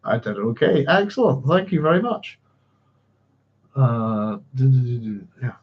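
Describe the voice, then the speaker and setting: A man's voice: medium pitch, a little slow, background noise. A man hosting a book club livestream, chatty and apologetic, humming to himself as he searches his notes. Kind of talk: casual livestream chat. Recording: slightly dull lo-fi sound.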